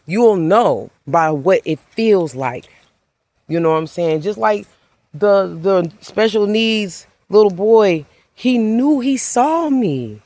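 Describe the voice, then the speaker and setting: A woman's voice: medium pitch, expressive, slow, darkish tone, no room sound. A woman giving an emotional, rambling spiritual monologue as a self-described prophet, preachy and swearing freely.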